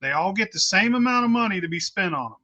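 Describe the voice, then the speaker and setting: High, bright-voiced man telling blunt stories. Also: animated, quick pace. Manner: blunt, heavy cursing, rambling restarts. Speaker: storyteller on a talk stream. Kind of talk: casual profane storytelling. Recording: dull lo-fi recording.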